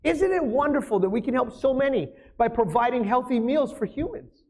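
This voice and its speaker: A man voicing a cheerful, earnest hen in a spoken joke, high and breathy. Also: animated, brisk, darkish tone.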